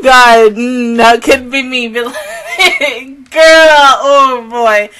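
A young woman reacting to an anime on her channel, ranting casually and animatedly, swearing freely and slipping into quick mocking voices of other people. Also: on the high side, expressive, fairly bright tone.

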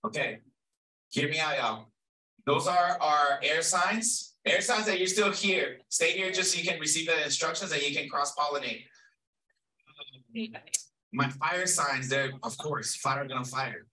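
A man leading a group activity at an event, energetic and playful as he calls out to the crowd. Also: a little high, a little slow, distant mic, low-quality recording. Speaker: workshop facilitator. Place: large event hall.

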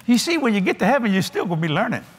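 An older man preaching a sermon at a large convention, animated and folksy, laughing between points. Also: high voice, rapid-fire, slight background noise.

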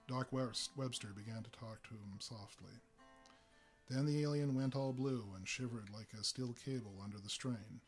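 A man reading a story aloud for a live reading, with steady pacing and the odd filler. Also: medium pitch. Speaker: reader.

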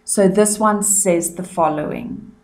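South african teacher lady, talks real slow, says each word twice for little kids. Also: mid-range voice, a little mellow. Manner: pronounces words slowly and repeats them. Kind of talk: slow revision lesson for young children.

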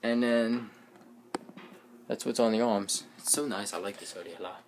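A man's voice: lowish voice, normal speed, noisy background. A young man vlogging casually on a family trip, joking and teasing in easy banter.

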